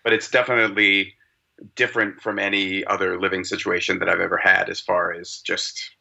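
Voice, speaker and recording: A man's voice: low voice, little pitch movement, a little fast, vocal fry, pushed and bright. A man from Massachusetts, a podcast guest chatting casually and rambling off on tangents. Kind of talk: casual chat.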